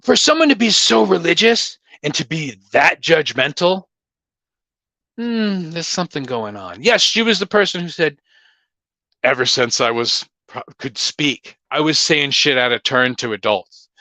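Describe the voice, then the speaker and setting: A man hosting a casual livestream Q&A, blunt and opinionated as he rambles from point to point. His voice sits a bit high and swings widely in pitch, with a bright, forceful edge. The recording is dry and close. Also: animated, measured pace, no room sound. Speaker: livestream host.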